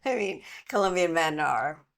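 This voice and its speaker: A woman's voice: deep voice, lively intonation, moderate pace, creaky, slight background noise. A woman hosting a podcast interview, asking curious questions and laughing easily. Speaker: podcast host. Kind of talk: casual interview.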